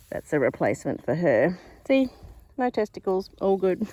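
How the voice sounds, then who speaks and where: A woman's voice: sits low, big pitch swings, normal speed, warm tone, no echo. A woman talks to camera as she walks through a paddock on her farm. Her speech is casual and rambling, full of small asides as she thinks aloud. It sounds like an unscripted outdoor vlog. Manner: chatty and rambling, thinking aloud while walking. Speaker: flower farmer.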